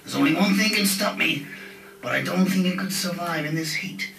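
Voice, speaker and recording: A man's voice: a little high, normal speed, vocal fry, bright, forceful tone, a little hiss or hum. A man performing in an amateur puppet show, theatrical and storytelling, playing it up for laughs. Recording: echoey room, far from mic, music behind.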